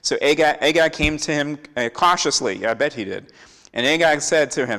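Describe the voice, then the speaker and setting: A man's voice: a little high, fairly quick, pushed and bright. A man teaching a Bible lesson in a church, acting out the lines of biblical characters as he tells the story. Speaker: Torah teacher. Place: church sanctuary. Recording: echoey hall with long reverb.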